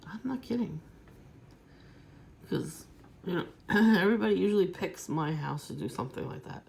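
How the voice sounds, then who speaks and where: A woman's voice: fairly low pitch, lively intonation, moderate pace, vocal fry, a little mellow. A woman vlogger telling a long, aggrieved story in a rambling, profane, casual monologue.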